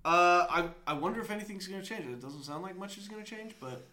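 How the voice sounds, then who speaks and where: A man's voice: high-pitched, fast, sharp tone, roomy sound. A man co-hosting a casual sports podcast, bantering playfully. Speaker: podcast co-host.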